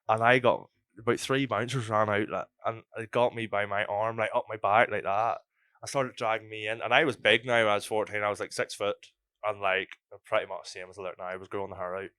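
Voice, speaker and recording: Young man, rambling sweary podcast chat, low smooth voice, dry sound. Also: brisk, no echo. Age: young adult. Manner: swearing, rambling, animated retelling. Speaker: podcast host. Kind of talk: casual storytelling chat.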